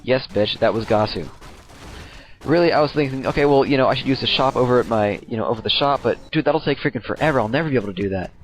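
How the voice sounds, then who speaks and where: A man's voice: medium pitch, fast talker, slight background noise. A young man casually commenting on his own game replay, rambling, slangy and profane.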